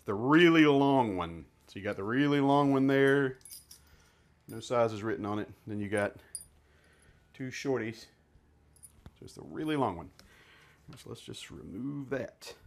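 A man reviewing gear in a casual hands-on demonstration, chatting and thinking aloud as he handles each part. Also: medium pitch.

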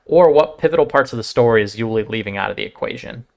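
A man's voice: fairly low pitch, fast talker, gravelly, darkish tone, lo-fi sound. A man hosting a channel and reacting to a clip, talking it through reflectively and asking lots of questions. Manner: reflective, asks a lot of questions. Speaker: channel host. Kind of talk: reaction commentary.

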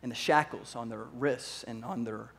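A pastor preaching a sermon in an animated way, acting out voices and asking the audience questions. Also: male voice, mid-range voice, moderate pace, vocal fry.

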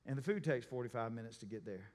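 A man's voice: medium pitch, lively intonation, fast, darkish tone. A man preaching a sermon as a pastor, talking in a conversational, storytelling way and acting out the people in his stories. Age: adult, a parent. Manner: conversational storytelling, acts out voices. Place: church sanctuary. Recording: long church reverb, faint music.

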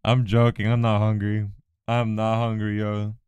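A man streaming a game live, talking in casual banter, mostly drowsy and mumbling but breaking into loud excited outbursts, teasing his co-host. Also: fairly low pitch, normal speed, clean tone, no room sound. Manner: playful teasing.

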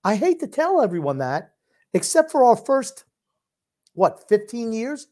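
A man's voice: extremely high pitch, big pitch swings, unhurried, mellow. An older man co-hosting a casual sports podcast, blunt and opinionated. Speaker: podcast co-host.

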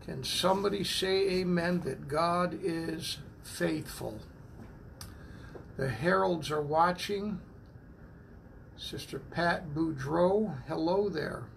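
A man, a church minister, greeting viewers one by one on a phone livestream from home, slowly and warmly calling out amen and praise the Lord between names. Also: on the high side, creaky, a little hiss or hum. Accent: New England. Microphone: phone propped up.

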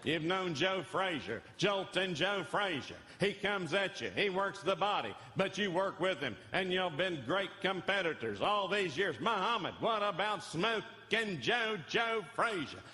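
A man's voice: high voice, animated, a little slow, hardly any pauses, bright, forceful tone, pitched above the performer's own voice, full character voice. A man doing a pompous old-school sportscaster. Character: grandiose older male sportscaster, pompous and drawn out. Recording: reverberant church hall, live.

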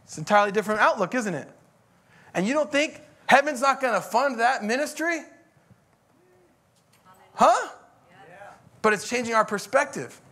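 A man's voice: very high-pitched, animated, moderate pace, long pauses, pushed and bright. A middle-aged man, a pastor, preaching a conversational sermon that rises into emphatic bursts.

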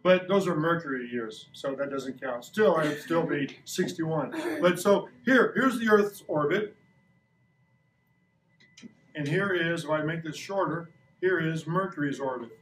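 A man's voice: on the high side, unhurried, fairly bright tone, a little hiss or hum. A man in his sixties teaching a science lesson to a class of children in a playful, joking way, asking them questions. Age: 60s. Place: school classroom. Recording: echoey classroom recorded from a distance.

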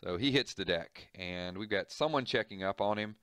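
A man's voice: fairly low pitch, normal speed, fairly bright tone, clear, resonant tone, no echo. A man reading a comic book aloud and explaining it, moving from the panels to casual, serious commentary.

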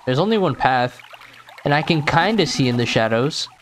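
A man's voice: mid-range voice, animated, moderate pace, slight background noise, close to an everyday voice. A man reading as a bossy old cave guide. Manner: plain reading of game dialogue. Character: talkative older man guiding through a cave.

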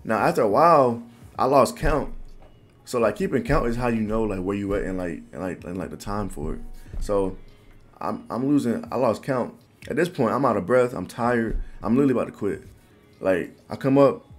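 A man in his twenties telling a personal story to the camera in a casual, animated, slangy way. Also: lowish voice, moderate pace, faint music behind. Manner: animated, loose slangy talk full of "bro". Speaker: vlogger.

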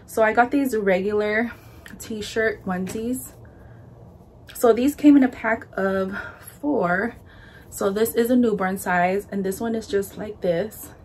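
A woman's voice: mid-range voice, a little slow, a little mellow, a little hiss or hum. A young woman chatting casually through a baby clothes haul, filling her talk with "like" and "um" and sounding a bit out of breath. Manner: chatty, lots of "like" and "um", shows items to camera. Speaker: vlogger. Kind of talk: casual haul video chat.

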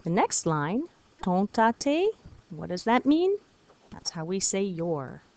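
A woman French teacher giving a recorded video lesson, patient and encouraging, repeating words slowly for her students. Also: mid-range voice, big pitch swings, a little mellow.

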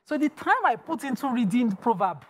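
Animated Nigerian woman telling stories. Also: fairly high pitch, brisk, a little hiss or hum. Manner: animated storyteller, mixes in Nigerian Pidgin. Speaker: co-host. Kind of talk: casual panel chat.

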